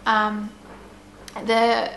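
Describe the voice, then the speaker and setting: A young woman tells her story in a casual, rambling way, leaning on "like" and "you know." Her voice sits a little high and stays flat in pitch, with vocal fry. The room sounds roomy and echoey, with a faint hum behind her. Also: very slow. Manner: chatty, meandering, full of "like" and "you know". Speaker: vlogger.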